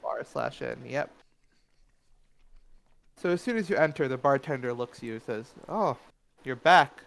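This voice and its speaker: Male game master, mid-pitched and smooth, narrates with halting fillers. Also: poor audio. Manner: hesitant, full of fillers.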